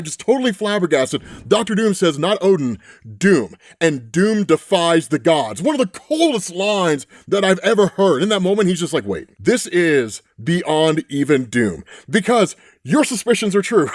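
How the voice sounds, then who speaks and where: A man recaps a comic book story with a lot of enthusiasm, his voice sitting high and swinging up and down. He keeps checking in with "right?" and slips into quick quotes of the characters. The sound is dry and close, with no room around him. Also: dry recording. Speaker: comics explainer.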